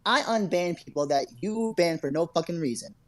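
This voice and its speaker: Man guest, defensive and halting, repeats words, video-call stream argument. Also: a little high, animated, crowd noise.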